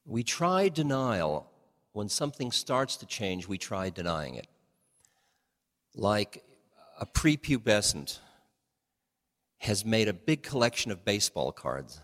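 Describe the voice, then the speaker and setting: An older man giving a relaxed storytelling talk, chuckling often and shifting his pace, recorded in a hall with long reverb. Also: on the low side. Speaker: speaker on change and spirituality.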